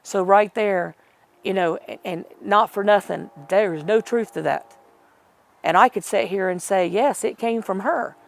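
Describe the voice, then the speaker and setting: A woman's voice: medium pitch, unhurried, gravelly. A middle-aged woman telling a personal story in an interview, rambling and correcting herself as she retells old conversations.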